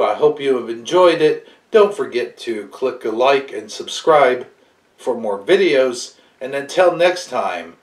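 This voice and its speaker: A man hosting a casual toy review, reading a figure's file card aloud and chatting in an unhurried way with fillers. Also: medium pitch, animated, reverberant, far from the mic.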